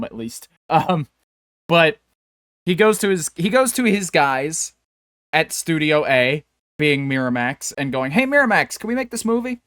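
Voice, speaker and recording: In a studio-quality recording with no room sound, a man co-hosts a podcast, his mid-range voice fairly bright in tone. He rambles through casual conversation, full of fillers and restarts.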